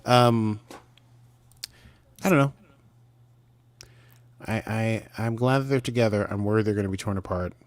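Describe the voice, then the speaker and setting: A man's voice: on the low side, steady tone, moderate pace, long pauses, no echo. A man co-hosting a podcast in casual chat, talking in a playful, rambling way with jokey asides. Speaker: podcast co-host.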